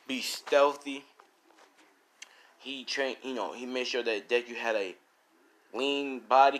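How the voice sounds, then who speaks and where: A man's voice: medium pitch, fairly bright tone. A man narrating an improvised fan story in a rambling, self-correcting way, with casual swearing.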